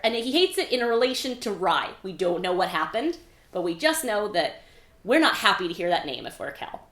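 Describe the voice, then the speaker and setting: A woman author casually talking through her own novel in a chatty, informal way, with playful swearing and quick paraphrased character quips. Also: medium pitch, very animated, fairly bright tone. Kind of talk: casual book discussion. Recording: echoey room.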